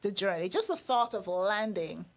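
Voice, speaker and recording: A woman's voice: mid-range voice, big pitch swings, normal speed. A woman hosting a live-streamed talk show, bubbly and chatty with frequent laughter. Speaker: host. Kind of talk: casual live-stream chat. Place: indoor studio.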